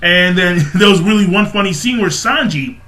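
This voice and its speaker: A young man with a high, bright voice talks through a comic chapter in a loose, rambling way. He swears freely, bursts into exclamations and laughter, and keeps restarting his sentences as he builds up to his take. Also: normal speed. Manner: excitable, profane, laughs and exclaims often; rambling with many fillers and restarts. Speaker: manga chapter reviewer. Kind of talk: casual excited recap and commentary.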